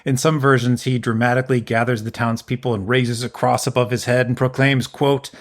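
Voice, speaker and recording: A man's voice: mid-range voice, flat delivery, brisk, few pauses. A man in a middle register tells a history story as a podcast host. His delivery is casual and explanatory, with a dry, lightly sardonic edge.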